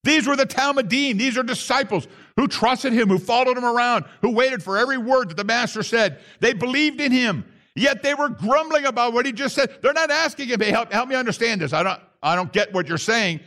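A man's voice: very high voice, brisk, pushed and bright. A man preaching a sermon to his congregation, reading scripture and acting out the grumbling voices. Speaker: pastor.

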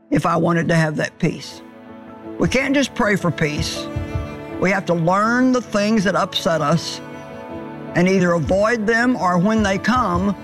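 A woman teaching a sermon on scripture in a slow, emphatic preaching manner, mixing in personal testimony. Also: lowish voice. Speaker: Bible teacher.

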